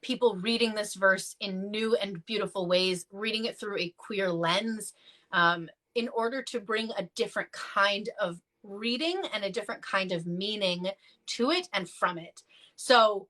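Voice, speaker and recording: Bright-voiced chatty woman. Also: a little slow. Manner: chatty storytelling, many "like" and "um" fillers; acts out quoted voices with jumps in pitch. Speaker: clergy guest in a discussion. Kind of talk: casual livestream discussion.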